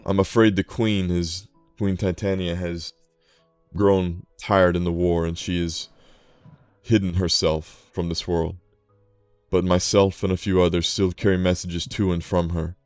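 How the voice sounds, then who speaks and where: Dude voicing a stern ancient unicorn, low slow solemn voice, dry sound. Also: male voice, little pitch movement, a little mellow, smooth, no room sound, faint music behind. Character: ancient stern male unicorn, grave and commanding. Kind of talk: tabletop game role-play.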